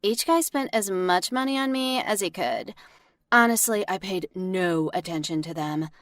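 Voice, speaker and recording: Woman voicing a young model narrating her animated story, calm, confiding, dry close sound. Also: medium pitch, normal speed, dry recording, lightly acted. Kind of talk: scripted narration.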